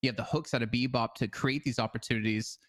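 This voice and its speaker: A man co-casts an esports match in a loose, chatty way, hedging often as he weighs each pick. His voice sits in an ordinary middle pitch. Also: steady tone, fast. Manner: casual, hedging with fillers like "I mean". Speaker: esports co-caster. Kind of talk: esports analysis commentary.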